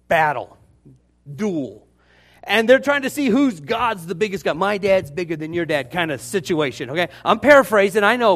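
A man preaching a Baptist sermon, telling the story in an animated, joking way. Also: high voice. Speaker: Baptist pastor.

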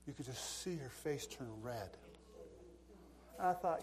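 A man's voice: medium pitch, animated, measured pace, a little mellow. A man preaching a sermon, telling stories with dramatic asides and bursts of laughter. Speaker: pastor. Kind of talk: storytelling sermon.

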